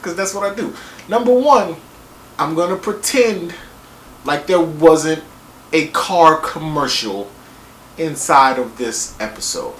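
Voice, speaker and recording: A young man giving a casual, jokey review of a TV episode, rambling with lots of fillers and sudden jumps in pitch. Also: a bit bright. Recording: echoey room with faint background hiss.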